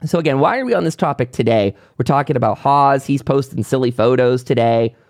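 A man's voice: mid-range voice, animated, a little fast, dry recording, clean studio sound. A man hosting his own political commentary channel, talking in an impassioned, rambling monologue with restarts and short laughs. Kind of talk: casual monologue.

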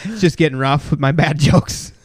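Man, podcast co-host, casual banter, swears a lot, joking around, slightly high voice, dry close mic. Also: normal speed, no echo. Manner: crude, jokey, swears a lot, slips into silly voices.

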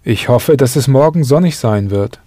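A man speaking example phrases in a language lesson, steady and measured. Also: medium pitch, dry recording, studio quality.

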